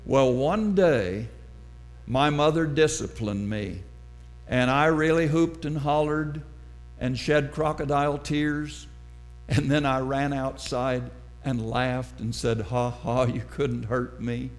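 A middle-aged man preaching a sermon, telling a personal story slowly and dramatically. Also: medium pitch, soft background music. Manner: slow, deliberate, dramatic storytelling.

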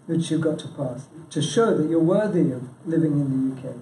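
A man chairing a local branch gives an informal presentation in a meeting room, quizzing the live audience, chatting, interrupting himself and often saying "yeah?" and "you know." His voice is a little high at a moderate pace with hardly any pauses, and he's far from the mic in an echoey, noisy room.

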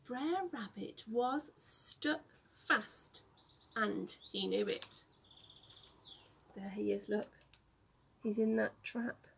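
Slow, gravelly woman reading a story. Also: on the high side, lively intonation, slight background noise. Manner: gentle, explains words for young children. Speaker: teacher.

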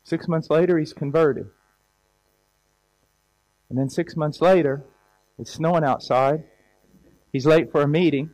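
A man's voice: fairly high pitch, fairly even intonation, a little slow, pauses often, a little mellow, poor audio. A man preaching a sermon in a conversational, storytelling way, acting out little scenes.

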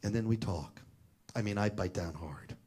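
A middle-aged man telling a family story as a talk, animated and acting out the voices of the people in it. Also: lowish voice, normal speed, slightly rough.

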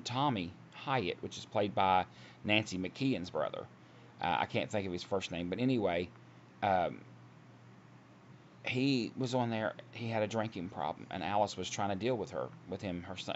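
A man preaching casually from home, earnest and rambling, with many restarts. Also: lowish voice. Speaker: online Christian video preacher. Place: at home, seated. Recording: dull lo-fi audio with faint hiss.

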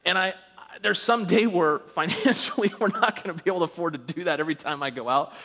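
A man preaching a storytelling sermon, animated and self-deprecating, acting out the voices in his stories. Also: high voice, fast. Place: church sanctuary. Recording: long church reverb.

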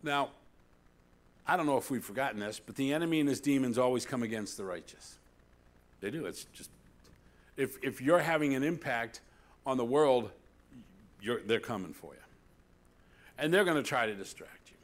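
In his sermon, the man alternates between loud, emphatic lines and quiet asides, often asking "See?" of the congregation. The pastor speaks animatedly at a medium pitch and normal speed, pausing often.

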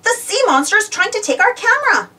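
A woman voicing an excitable boy adventurer, squeaky high. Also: quick pace, distant mic, heavily acted. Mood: panicked. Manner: excited, shouting. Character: excitable young male legend hunter.

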